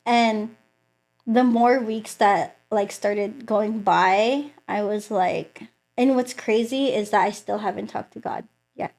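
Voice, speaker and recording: Speaking slowly with vocal fry, a young woman with a mid-range voice shares her faith testimony in an interview. She tells it animatedly, acts out the voices of people she quotes, and uses "like" a lot.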